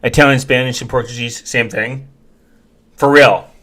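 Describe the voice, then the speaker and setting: A man's voice: medium pitch, steady tone, normal speed, pushed and bright. A man vlogging in a rambling, joking way, talking straight to his viewers with many fillers and restarts. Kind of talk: casual rambling talk to viewers.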